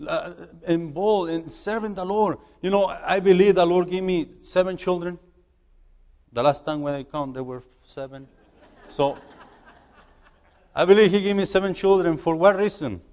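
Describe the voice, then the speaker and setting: A man who is a missionary preaching in a church, halting and repeating words as he urges the congregation. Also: high voice, a little mellow, long reverb tail. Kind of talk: sermon.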